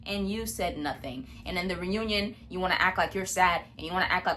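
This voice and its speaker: Bright-voiced woman on a blunt rant. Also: on the low side, brisk. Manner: blunt, profane and animated. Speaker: vlogger. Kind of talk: casual commentary rant. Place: indoor room at home.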